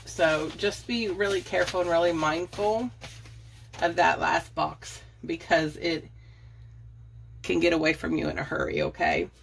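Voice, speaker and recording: Fairly low in pitch, husky and expressive with vocal fry, her delivery is unhurried. The speaker, a middle-aged budgeting and decluttering vlogger, is out of breath while giving rambling, chatty decluttering tips to her phone camera in a casual how-to talk.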